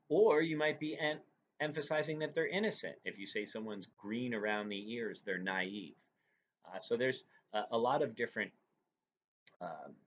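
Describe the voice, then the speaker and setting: A man's voice: fairly low pitch, a bit bright. A man teaching a lecture, explaining terms step by step and often checking in with "right?". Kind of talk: recorded classroom lecture. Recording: dull lo-fi recording with faint noise.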